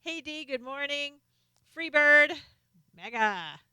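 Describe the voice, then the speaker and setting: Bright, chatty woman hosting a live stream. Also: high voice, lively intonation, slow, no room sound. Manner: chatty, reads out viewer names and comments. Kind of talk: casual live stream chat greeting viewers. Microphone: desk microphone, sometimes off-axis.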